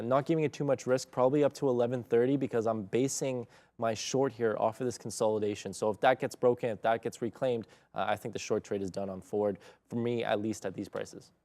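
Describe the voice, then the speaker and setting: A man on a live trading show walking through his trades in a relaxed way, with many fillers. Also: medium pitch. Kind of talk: casual trade walkthrough.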